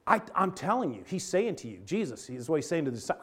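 A man preaching a sermon in a folksy, animated way, moving between loud emphatic bursts and quiet low asides. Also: fast talker, few pauses. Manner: animated, folksy storytelling with sports analogies. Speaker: pastor.

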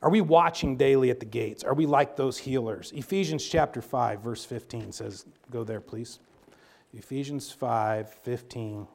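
A man preaching a sermon in a folksy, animated way, moving between loud emphatic bursts and quiet low asides. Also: measured pace, creaky. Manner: animated, folksy storytelling with sports analogies. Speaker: pastor.

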